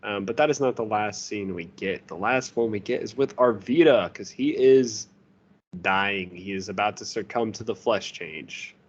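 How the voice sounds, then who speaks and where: A man's voice: fairly low pitch, moderate pace, husky, dull audio. A man co-hosting a podcast, giving a loose, profane, joking book review. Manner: loose, profane, laughs at his own jokes. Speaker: podcast co-host. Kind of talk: casual book review chat.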